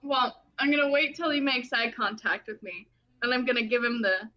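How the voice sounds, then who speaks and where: A woman's voice: on the high side, fairly even intonation, dull audio. A woman playing in a tabletop game, playful and giggly in casual chat. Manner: giggly, playful, quick bursts. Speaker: player.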